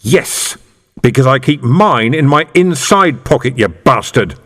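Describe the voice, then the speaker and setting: A contemptuous, snarling secret policeman, put on by a male reader, pitched well up and pushed louder. A long room echo hangs on every line. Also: expressive, a little slow. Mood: furious. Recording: reverberant room.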